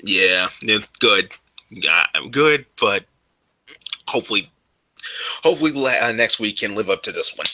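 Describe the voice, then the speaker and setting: A man co-hosting a casual podcast, laughing often and breaking into high voices to mimic people. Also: lively intonation, a little slow, pauses often, sharp tone, no echo, poor audio. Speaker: podcast co-host. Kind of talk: casual chat.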